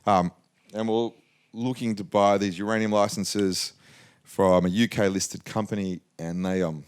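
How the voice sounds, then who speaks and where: Businessman guest in his forties from Australia, low voice, animated anecdotal delivery. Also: unhurried, clear, resonant tone. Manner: animated anecdotal, acts out quotes. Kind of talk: casual storytelling interview.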